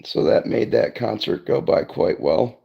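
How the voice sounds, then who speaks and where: Gravelly man rambling through stories. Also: on the low side, expressive, measured pace, muffled recording. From Cleveland area, Ohio, USA. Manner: rambling storytelling, swears freely, says "I'm like" often. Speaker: streamer. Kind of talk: casual chat to viewers.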